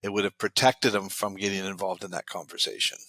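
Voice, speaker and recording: A man's voice: low voice, level tone, fairly quick, bright, forceful tone, no room sound. A man, a guest expert in an interview, telling client success stories and quoting what they said. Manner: retells client stories with many quoted lines. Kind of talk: interview storytelling.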